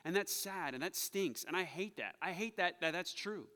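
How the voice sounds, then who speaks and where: A man's voice: sits high, expressive, moderate pace, bright, forceful tone. A man preaching a sermon as pastor, earnest and confessional, repeating phrases for emphasis, then leading the church in prayer. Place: church sanctuary. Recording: long hall reverb.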